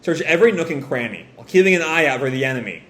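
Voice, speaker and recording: A man's voice: fairly high pitch, lively intonation, very fast, fairly bright tone. Man reading stern village leader dad, firm orders, plain voice, echoey room. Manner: firm, commanding. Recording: roomy echo.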